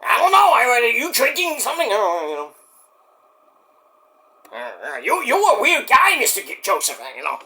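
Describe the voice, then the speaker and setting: A man's voice: very high-pitched, wildly swooping pitch, moderate pace, long pauses, pushed and bright, voice pushed up, heavily acted. A man voicing a boastful, goofy male buddy with a put-on Mexican accent, rambling and repeating "you know".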